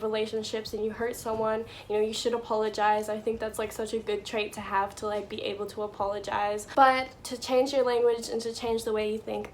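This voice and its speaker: A woman's voice: a little high, a little hiss or hum. A young woman giving casual life advice to her viewers, chatty and full of "like" and "you know".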